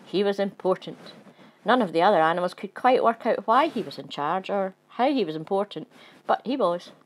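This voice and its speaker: A woman reads a children's story aloud, soft and playful, at a medium pitch. Her narration is gentle and unhurried in tone. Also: lively intonation. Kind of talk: storybook reading.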